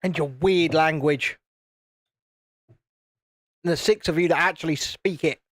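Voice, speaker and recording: A British host builds a model while bantering wryly with a live chat, teasing and joking. His voice is medium-pitched and unhurried, recorded cleanly in a studio with no echo.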